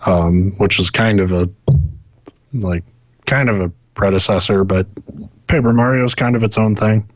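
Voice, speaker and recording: A man's voice: on the low side, moderate pace, no room sound, highs cut off. A man co-hosting a podcast, chatting casually about video games in a rambling way, swearing often and restarting his sentences. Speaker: podcast co-host. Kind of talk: casual gaming chat. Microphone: internet call.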